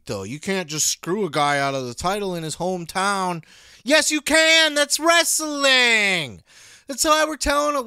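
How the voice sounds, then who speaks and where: Profane ranting podcast guy, high bright voice, smooth and dry close mic. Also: no echo. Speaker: podcast host. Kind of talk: opinionated casual commentary.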